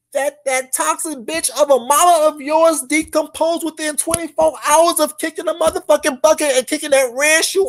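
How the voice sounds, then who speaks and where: Youtuber going off in a callout rant, cussing, taunting, yelling then muttering. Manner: loud, profane, taunting, swings between shouting and low mutters; keeps repeating the target's name mockingly. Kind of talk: ranting call-out vlog.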